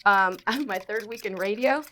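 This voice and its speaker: A woman's voice: medium pitch, unhurried, a little hiss or hum. A woman in her forties, a radio personality, chatting as a guest and acting out the people in her stories. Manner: animated storyteller, acts out quotes. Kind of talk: casual interview chat.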